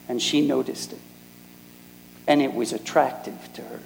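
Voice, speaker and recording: A man's voice: mid-range voice, fairly even intonation, normal speed, gravelly, long pauses, darkish tone, big-room sound, a little hiss or hum, low-quality recording. A middle-aged man from Minneapolis preaching a sermon, telling personal stories in an earnest way and acting out the people he quotes. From Minneapolis, United States. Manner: earnest storytelling, acts out quoted speakers.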